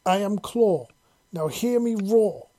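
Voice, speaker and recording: A reader voicing a shy young male winged creature who stammers and repeats words timidly, in a husky, mellow voice. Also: medium pitch, unhurried. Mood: roaring.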